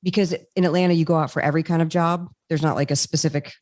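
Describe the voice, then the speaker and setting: A woman's voice: sits low, racing, dry recording. A woman actress and voice actor, talking as a podcast guest and telling stories with energy and frequent laughter. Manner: animated storyteller, laughs often. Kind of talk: casual interview chat.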